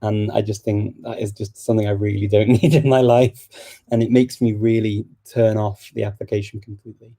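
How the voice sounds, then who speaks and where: Chatty man with a dark, flat voice. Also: on the low side. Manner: chatty, laughs often, many restarts. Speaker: language channel host. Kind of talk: casual live chat.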